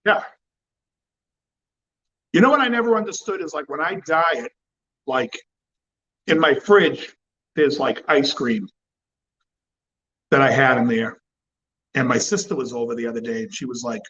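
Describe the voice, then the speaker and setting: A man's voice: mid-range voice, unhurried, long pauses, fairly bright tone, highs cut off. A man hosting a cigar channel, chatting casually and bluntly with plenty of swearing. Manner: blunt and profane. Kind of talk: casual livestream chat.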